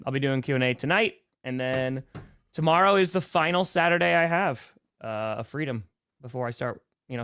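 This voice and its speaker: A man's voice: on the high side, creaky, a bit bright, smooth. An upbeat man co-hosting a casual sports podcast, bantering and joking. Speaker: podcast co-host.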